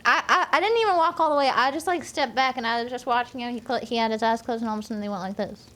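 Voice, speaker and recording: A woman's voice: on the high side, rapid-fire, a bit bright. A woman streaming a game, chatting and joking with exclaimed lines and muttered asides. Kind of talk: casual game stream chat. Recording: noisy stream audio.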